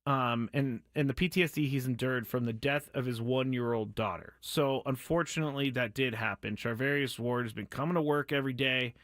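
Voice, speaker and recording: An excitable man hosts a casual sports talk show, rambling between news and jokes. His voice is bright and forward. It sounds dry and close to the mic. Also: mid-range voice, a little fast, few pauses, dry recording. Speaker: podcast host.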